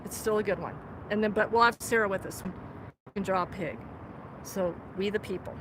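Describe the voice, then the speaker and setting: A woman's voice: mid-range voice, brisk, noisy background. A woman live-streaming outdoors on a phone, chatting casually, cursing freely and laughing a lot. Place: outdoors at night by a building.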